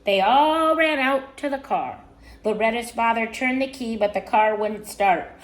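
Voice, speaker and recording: A woman reading a children's story aloud with an animated, expressive delivery over a video call. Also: a little high, unhurried. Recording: roomy echo.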